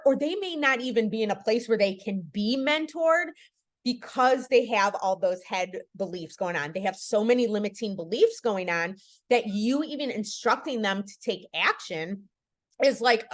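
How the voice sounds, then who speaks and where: A woman in her thirties with a somewhat high voice, hosting a podcast. She talks earnestly and casually as a coach, peppering her points with fillers and tag questions. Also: lively intonation, moderate pace. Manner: earnest, conversational, lots of "like" and "right?". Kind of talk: casual faith-based podcast talk.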